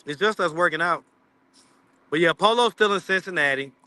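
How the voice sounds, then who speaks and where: Chatty man with a bright voice. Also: sits high, fairly quick, no room sound. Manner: rambling, teasing, laughs often. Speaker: street interview channel host. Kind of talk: casual livestream chat.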